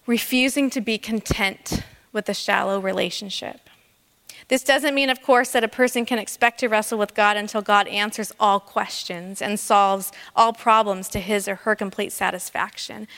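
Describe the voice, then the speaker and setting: A woman preaching a sermon in a church, earnest and emphatic, slowing down on key phrases. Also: medium pitch, creaky, fairly bright tone. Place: church sanctuary. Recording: long reverb of a church hall.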